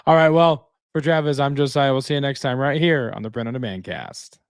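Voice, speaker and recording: A man's voice: mid-range voice, fairly quick, clean tone, no room sound, studio quality. A man co-hosting a casual podcast, wrapping up with plugs and dad jokes. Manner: jokey, tells dad jokes. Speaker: podcast co-host.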